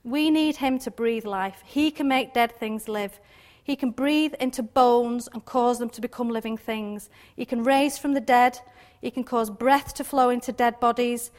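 Woman, informal Bible teacher, slightly high-pitched, chatty with frequent tag questions. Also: fairly even intonation, normal speed, hardly any pauses, darkish tone. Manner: chatty, laughs often, many tag questions. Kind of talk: informal devotional talk.

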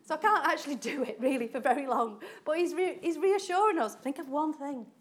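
A woman preaching a sermon in an animated way, acting out quoted voices and laughing often. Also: sits high, a little fast.

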